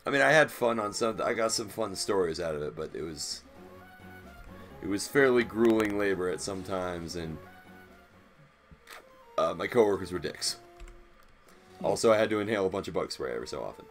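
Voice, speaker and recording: A young man with a very low, deep voice tells laid-back stories on a casual podcast and swears freely. Soft music plays faintly behind him. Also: animated, moderate pace, pauses often. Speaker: podcast host. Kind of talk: casual chat.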